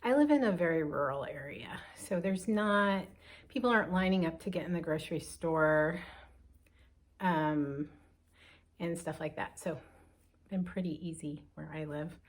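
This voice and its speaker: A woman's voice: low voice, measured pace. An older woman chatting casually to camera from home as a stitching vlogger, a bit breathless and rambling, with lots of fillers.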